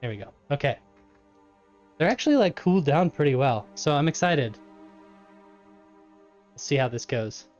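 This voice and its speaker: A man's voice: a little high, lively intonation, moderate pace, pauses often, darkish tone, muffled recording, faint music behind. A man live-streaming from his home kitchen, chatting casually with his chat, laughing often and eating as he talks.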